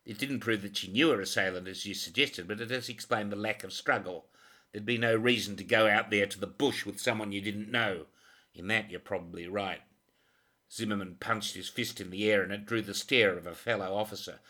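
Man narrating a crime novel, bright tone. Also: fairly low pitch, steady tone. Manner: measured, dramatic storytelling. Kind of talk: scripted audiobook narration.

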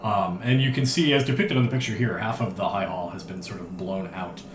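A man narrating a tabletop game as game master in a relaxed way. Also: on the low side, fairly quick, noisy background. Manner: relaxed, with frequent "uh" fillers. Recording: roomy with background music.

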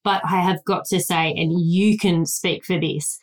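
A woman's voice: fairly low pitch, fairly even intonation, measured pace. A woman co-hosting a parenting podcast, speaking frankly and earnestly in casual chat. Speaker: podcast co-host, guest's wife.

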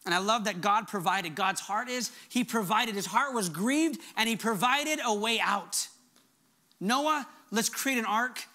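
A middle-aged man delivers a sermon with earnest, emphatic conviction. His voice is bright and forward, and he often drops to a soft, hushed tone for effect. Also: high-pitched, moderate pace, few pauses. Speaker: pastor.

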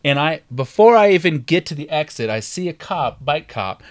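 Animated man telling a story. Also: a little high, moderate pace. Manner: animated, acts out shouted quotes, swears freely. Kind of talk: casual storytelling chat.

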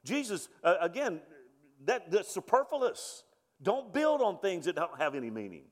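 A middle-aged male pastor preaching, his fairly high voice ringing through a church sanctuary with a long reverb tail. He swells into emphatic, climbing lines, then sinks low and quiet for storytelling. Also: very animated, moderate pace. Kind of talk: sermon.

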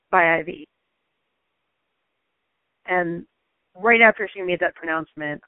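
A woman's voice: fairly low pitch, clear, resonant tone, no echo. A woman guest in a casual interview, telling a personal story animatedly, full of "like" fillers and laughs. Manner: animated, frequent "like" fillers, laughs mid-sentence. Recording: tinny phone-like line, dry.

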